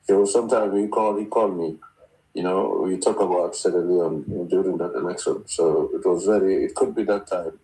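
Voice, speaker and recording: A man on a talk show panel, speaking haltingly with frequent restarts. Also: low voice, warm tone. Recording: echoey room.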